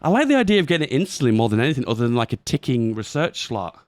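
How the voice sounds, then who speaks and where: A young man giving excitable, laughing commentary on a game update. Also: medium pitch, rapid-fire, no echo, clean studio sound. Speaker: gaming YouTuber.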